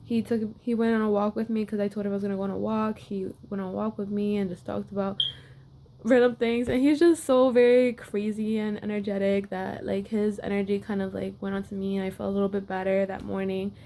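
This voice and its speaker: A woman's voice: mid-range voice, level tone, brisk, warm tone, a little hiss or hum. A young woman athlete casually telling a personal story to camera, with lots of filler words. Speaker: wrestler.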